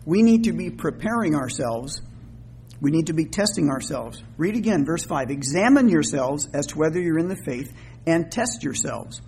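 A man preaching a sermon in an earnest way, often slowing down and rising in pitch and volume when quoting scripture. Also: sing-song, vocal fry, a little mellow, slight background noise. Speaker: minister.

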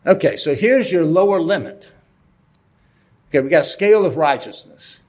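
A man with a fairly high, expressive voice and a darkish tone speaks at normal speed. He teaches the Bible from a lectern in a relaxed, conversational way, putting questions to his listeners and joking about himself.

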